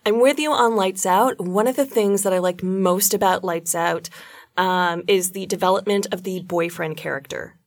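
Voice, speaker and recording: A woman co-hosting a podcast in relaxed chat, tripping over her words, cursing and laughing while drinking wine. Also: medium pitch, normal speed. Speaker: podcast co-host. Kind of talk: casual chat, bloopers.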